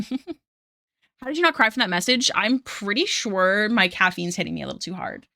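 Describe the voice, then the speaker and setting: A young woman with a bright, lively voice talks casually as she streams her drawing. She walks through her steps in a chatty way and laughs often. The sound is dry and close on a desk microphone. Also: medium pitch, normal speed, creaky, no room sound. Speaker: streamer and digital artist. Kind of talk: casual chat while drawing.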